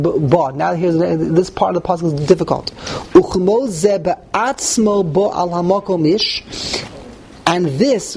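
A Torah teacher leads a text-study class, reading passages aloud and translating them while thinking out loud. His voice sits high and mellow, and the low-quality recording carries slight background noise.

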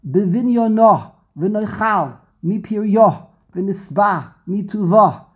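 Host, male, breathy voice, animated storyteller on a video call mic. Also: high-pitched, slow pace, muffled recording. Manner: animated storyteller, laughs often. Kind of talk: casual conversation.

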